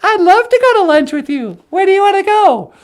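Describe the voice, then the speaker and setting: A woman's voice: very high-pitched, sing-song, fairly quick. A performer voicing a cheerful, giggly young woman who teaches Ojibwe words. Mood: eager. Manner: bright, giggly, eager.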